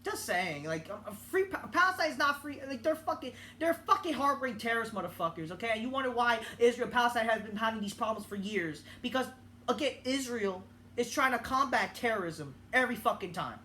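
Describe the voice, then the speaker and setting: A young woman delivering an angry political rant as a vlogger, swearing often and breaking off into halting restarts. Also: fairly high pitch, lively intonation, pushed and bright, a little hiss or hum. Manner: heated, profane, halting with many restarts.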